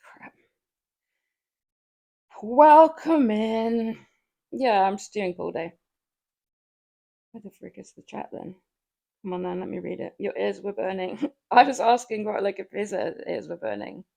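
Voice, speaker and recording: A woman's voice: mid-range voice, normal speed, gravelly, long pauses, warm tone. A woman livestreaming from her home gym, chatting casually with viewers between lifts, laughing often and swearing now and then. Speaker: livestreamer working out.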